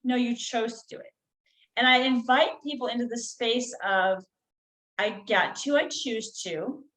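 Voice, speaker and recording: A middle-aged woman guest on a podcast, talking in an earnest coaching tone and slowing down to stress key phrases. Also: fairly high pitch, a bit bright, rough recording. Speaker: guest healer. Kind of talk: conversational podcast interview.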